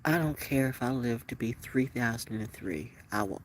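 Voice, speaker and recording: In a profanity-laden, unscripted rant, a woman vlogger recounts a story at normal speed, alternating loud outbursts with hushed, low talk. A little hiss or hum is audible.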